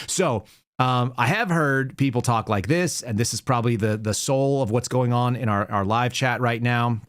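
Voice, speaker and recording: A man's voice: mid-range voice, moderate pace, no echo. A man in his forties hosting a political commentary show, sarcastic and rambling, talking casually from a studio. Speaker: show host.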